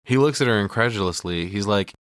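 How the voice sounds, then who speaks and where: Low-voiced man recapping a movie. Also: fast, a bit bright, smooth, no echo, studio quality. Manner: retells scenes acting out quoted lines, swears casually. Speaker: podcast co-host. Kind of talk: casual movie recap chat. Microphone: studio podcast mic.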